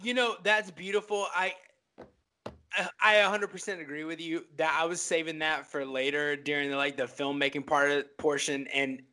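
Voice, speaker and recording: A man with a high, bright voice talks about movies in a relaxed podcast chat. He is enthusiastic and walks through scenes in eager detail, and his tone stays sharp and clear. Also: moderate pace. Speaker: podcast co-host. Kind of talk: casual film discussion.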